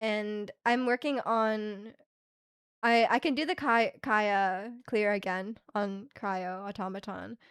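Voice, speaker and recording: A young woman from Canada streaming live, chatting casually and reading her chat aloud, rambling with lots of filler words and quick laughs. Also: mid-range voice, fairly even intonation, fairly bright tone, clean tone, no room sound, clean studio sound. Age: young adult. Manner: rambling, heavy use of "like" fillers, frequent laughs.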